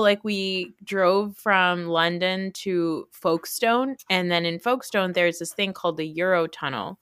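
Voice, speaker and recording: Podcast host, woman, lowish pitch, lively storyteller who swears casually. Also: a little slow, few pauses, clean tone, dry recording, clean studio sound. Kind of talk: casual chat.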